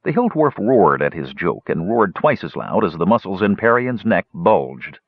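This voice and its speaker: A man narrating a fantasy audiobook in a steady, expressive way. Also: deep voice, a little slow, husky, dry recording. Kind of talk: scripted narration. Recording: dull lo-fi recording.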